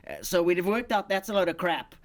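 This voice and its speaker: A man's voice: high-pitched, expressive, brisk. A man voicing a cheeky male puppet who hosts a comedy podcast, teasing and provocative, with a South African accent. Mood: cheeky, curious. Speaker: host.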